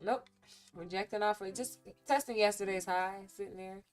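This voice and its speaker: During a casual live stream of her day trading, a woman chats animatedly and frankly with viewers about the highs and lows. She speaks in a mid-range voice at a moderate pace, with soft music behind her.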